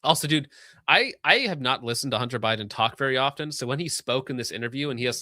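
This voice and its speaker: Streamer host, male, sarcastic and joking, bright close dry voice. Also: mid-range voice, animated, no echo. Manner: sarcastic, joking, quick asides. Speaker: streamer reading donations. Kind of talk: casual livestream chat.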